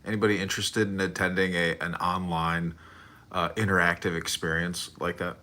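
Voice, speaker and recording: A man with a low, deep voice. He chats playfully but hesitantly, pausing often on fillers. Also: little pitch movement, bright, forceful tone. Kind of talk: casual chat.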